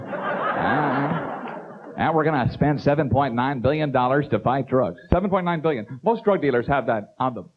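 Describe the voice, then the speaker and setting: Animated stand-up comic, lo-fi tape. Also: male voice, medium pitch, moderate pace. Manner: animated, stammering restarts, slips into impressions. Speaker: stand-up comedian. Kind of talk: stand-up comedy. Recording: dull lo-fi tape with hiss.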